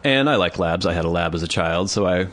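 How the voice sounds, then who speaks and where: A man's voice: low-pitched, expressive, a bit bright. A young man co-hosting a podcast, casually telling a comic story and acting out bits of it. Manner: storytelling, acting out others in quick asides. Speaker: podcast co-host. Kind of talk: casual comedic chat.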